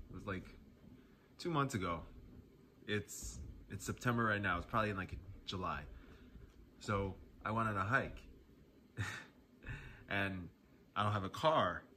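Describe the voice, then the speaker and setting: A man's voice: fairly low pitch, slow, pauses often, sharp tone, slight background noise. A young man casually telling a personal story, laid-back and profane, chuckling often.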